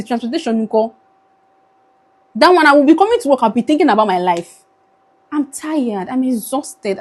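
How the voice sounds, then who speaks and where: A young Nigerian woman with a Nigerian accent, pleading wearily into her phone camera in an emotional vlog, slipping into Pidgin now and then. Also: a little high. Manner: pleading, weary, switches into Pidgin. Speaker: vlogger.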